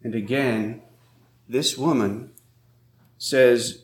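A priest gives a sermon in an unhurried, deliberate voice of middling pitch. The roomy echo of a church hangs around each phrase. He preaches in a measured, steady way. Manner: slow, measured preaching with scripture readings.

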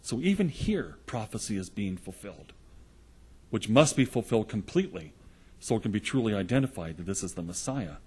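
A man's voice: on the low side, sing-song, brisk, darkish tone, breathy edge. A man preaching a sermon, earnestly retelling gospel scenes in the present tense.

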